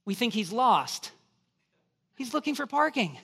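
Middle-aged guy pastor giving a sermon, bright voice, acts out bits of stories, gets loud and high for punchlines. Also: measured pace, breathy edge. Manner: animated storytelling with acted asides and rising emphasis.

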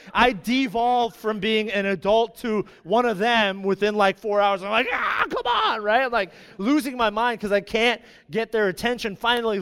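A young man preaching a sermon, telling a personal story in an animated way with many asides. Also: high-pitched, clean tone, long reverb tail.

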